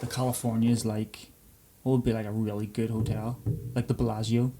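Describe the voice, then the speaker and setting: A podcast co-host chatting casually, throwing in dry quips and steady agreement. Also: medium pitch, brisk, slight background noise. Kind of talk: casual chat.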